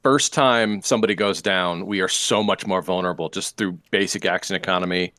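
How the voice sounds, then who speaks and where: A player in a casual group chat, speaking in a dry, measured way. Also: deep voice, steady tone, a bit bright, no room sound.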